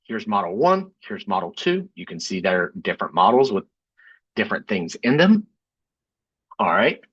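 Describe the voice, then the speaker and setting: Male instructor, low and slightly husky, casual step-by-step screencast delivery, dry muffled recording. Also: moderate pace, no room sound. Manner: relaxed, thinks aloud with frequent fillers. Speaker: statistics instructor. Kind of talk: screen-recorded coding lesson.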